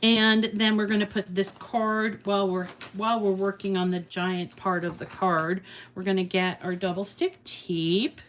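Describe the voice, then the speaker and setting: A woman's voice: medium pitch, little pitch movement, measured pace. A middle-aged woman hosting a casual crafting tutorial, chatty and rambling, often laughing at herself as she works. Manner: chatty, rambling, self-deprecating. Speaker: craft channel host.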